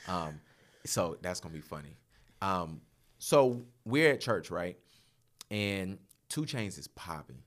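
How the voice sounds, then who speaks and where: Animated low-voiced man telling stories. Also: slow pace. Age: 30s. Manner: animated, laughing storyteller. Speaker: podcast guest. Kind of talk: casual storytelling chat.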